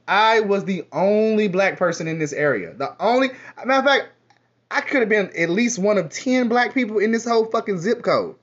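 A man's voice: high-pitched, fairly bright tone. A man speaking to the camera in a sassy, profane, rambling casual monologue. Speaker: vlogger. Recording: dull lo-fi audio.

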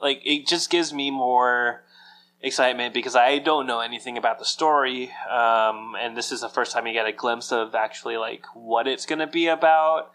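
A man's voice: mid-range voice, normal speed, a bit bright, slight background noise. A man with a mid-range voice co-hosts a podcast, chatting casually. He sounds easygoing, laughs often and keeps his replies short. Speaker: podcast co-host. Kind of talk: casual chat.

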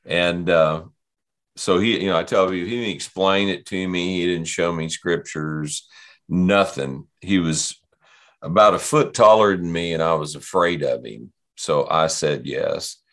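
A man, guesting on an interview and telling his story. His voice sits extremely low. He talks in a loose, rambling way, circling back and restarting his sentences. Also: a little slow, a bit bright. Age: 60s.

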